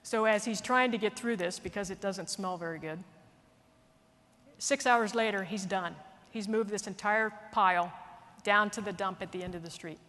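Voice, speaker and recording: A woman military leader telling a story in an earnest, animated way, speaking at a conference. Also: medium pitch, moderate pace. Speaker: military leader giving a speech. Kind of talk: storytelling speech. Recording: long reverb of a large hall.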